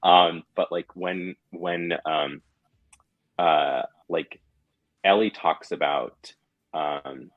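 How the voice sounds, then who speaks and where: A man's voice: sits low, fairly even intonation, extremely slow, dry recording, highs cut off. A man co-hosting a podcast, talking through a show episode in casual chat, earnest and wordy, circling back to his points. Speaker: podcast co-host.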